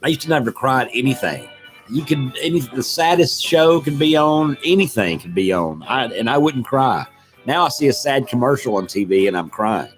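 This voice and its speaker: A middle-aged man with a drawl talks loosely into a desk microphone, wandering from one thought to the next. His voice sits at an ordinary pitch, and he pokes fun at himself while he greets viewers by name. Faint music plays softly behind him. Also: lively intonation, moderate pace. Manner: rambling and self-deprecating, greets chat viewers. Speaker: live stream host. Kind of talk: casual live-stream chat.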